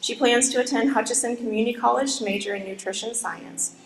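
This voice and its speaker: A woman from the school staff formally introducing a graduating student at a ceremony, in a measured announcing manner. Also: on the high side, gravelly. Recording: roomy hall with faint background noise.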